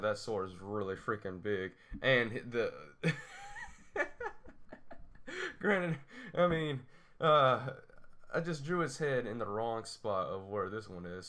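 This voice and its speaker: A man's voice: on the low side, pushed and bright. Young guy talking to himself while drawing, voice jumps all over, pencil scratching behind. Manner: self-deprecating, laughs often, talks to himself. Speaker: drawing tutorial host. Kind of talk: rambling commentary while sketching.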